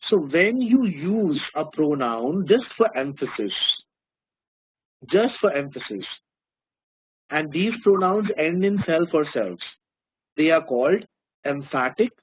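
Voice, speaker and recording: A man's voice: a little high, very animated, slow pace, long pauses, slight background noise. A man with an Indian English accent teaching a grammar lesson, explaining patiently, repeating key terms and checking whether students follow. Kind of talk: classroom-style lesson. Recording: dry, phone-like narrow sound.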